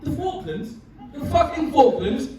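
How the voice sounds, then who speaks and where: A man's voice: very high-pitched, lively intonation, unhurried, dark tone, slight background noise, pitched above the performer's own voice. A man performing a bitter, angry jobless working-class man who rants and swears with harsh laughs. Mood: incredulous. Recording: echoey room from far off.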